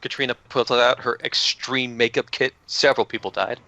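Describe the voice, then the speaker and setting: A man's voice: mid-range voice, little pitch movement, normal speed, vocal fry, sharp tone, dry recording. A man casually recapping a tabletop game session for his group, joking loosely and swearing now and then. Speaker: player recapping the last session. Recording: dull lo-fi audio.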